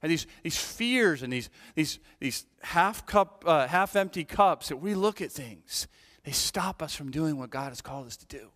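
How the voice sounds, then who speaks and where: A male pastor tells a story from the pulpit in an animated way, often tossing in "right?". His voice sits fairly high for a man, and a church sanctuary's long reverb trails after him. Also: moderate pace. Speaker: associate pastor. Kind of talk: sermon.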